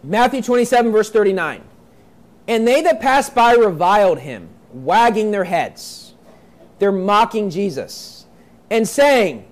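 Male preacher, very high voice, reads verses then drives points home emphatically. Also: lively intonation, a little slow. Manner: reads scripture aloud then explains it in plain talk; emphatic, repeats points, acts out quoted voices. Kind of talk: sermon.

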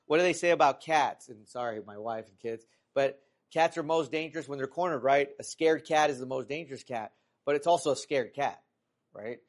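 A middle-aged man preaching a sermon in a conversational way, with many fillers and restarts, rising in pitch and volume when he reads scripture aloud. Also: brisk. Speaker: pastor.

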